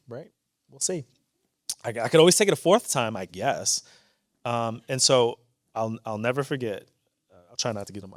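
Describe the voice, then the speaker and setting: A man's voice: mid-range voice, no room sound, studio quality. A man in his thirties with a New York accent, a judge telling stories candidly and earnestly in a conversation before an audience. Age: 30s. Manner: animated, candid and earnest, quick restarts. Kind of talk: conversational storytelling on stage.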